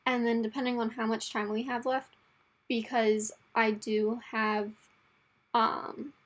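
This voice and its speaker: A young woman with a slightly high voice talks through her lesson plan. She is chatty and informal, with plenty of fillers as she explains. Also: level tone, slow. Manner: chatty, with frequent "um" and "I'd be like". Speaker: Spanish teacher presenting a lesson plan.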